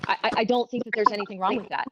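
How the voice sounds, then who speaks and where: Caller: woman, mid-pitched, hesitant and guarded, dull line with faint hiss. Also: racing. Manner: unsure and guarded. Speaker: caller in an audio chat room.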